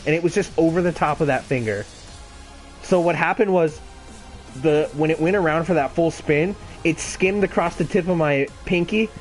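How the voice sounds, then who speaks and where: A man in his twenties telling a casual, rambling story full of swearing and self-mocking laughs. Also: a little high. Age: 20s. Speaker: gaming channel host.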